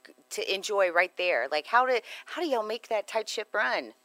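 A woman's voice: medium pitch, animated, normal speed, fairly bright tone, no echo. A woman hosting a radio interview, chatty and enthusiastic, often restarting her sentences. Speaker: radio show host. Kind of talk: casual interview chat.

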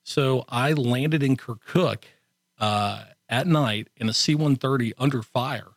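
A middle-aged man, a guest on a radio talk show, telling animated war stories with laughs and quoted voices. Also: medium pitch, slow pace, no echo. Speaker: guest, Army veteran. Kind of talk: casual storytelling. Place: radio studio.

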